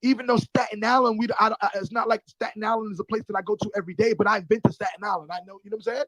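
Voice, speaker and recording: Streetwise New rapper, high voice, animated storyteller, close dry mic. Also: male voice, rapid-fire, dry recording, low-quality recording. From New York. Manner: streetwise, profane, acts out voices in his stories. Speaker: rapper guest.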